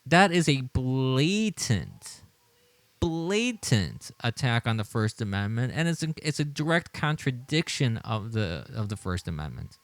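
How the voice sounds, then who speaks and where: A man's voice: medium pitch, animated, unhurried, no echo. A man hosting a political livestream, talking with indignation, often repeating his words and chuckling as he reads the chat. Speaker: livestream show host.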